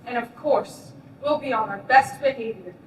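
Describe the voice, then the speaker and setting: High-voiced sarcastic woman on a distant stage. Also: moderate pace, slight background noise. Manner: sarcastic, mocking, flares into shouting. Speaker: stage actor playing a camp prisoner. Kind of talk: recorded stage play. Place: theatre stage. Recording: roomy distant stage recording.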